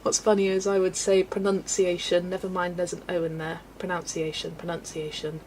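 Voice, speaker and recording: A woman's voice: lowish voice, little pitch movement, brisk, darkish tone, a little hiss or hum, low-quality recording. A woman, chatting casually on a colouring livestream, laughing often and ranting playfully. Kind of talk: casual live-stream chat while colouring.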